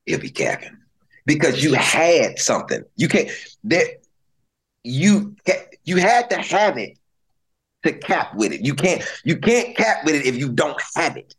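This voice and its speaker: Animated middle-aged man spinning stories. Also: on the high side, unhurried, husky. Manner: animated storyteller, slangy, repeats words, laughs often. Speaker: comedian guest. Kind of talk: casual storytelling chat.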